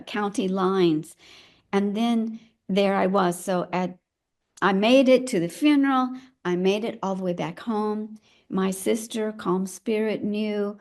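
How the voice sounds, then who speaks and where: An older woman recounting her past in an interview, speaking in a reflective, halting way and stopping now and then to find the right words. Her pitch sits in the middle range for a woman, and her voice is neither high nor low. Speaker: elder midwife guest. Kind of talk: personal storytelling in conversation.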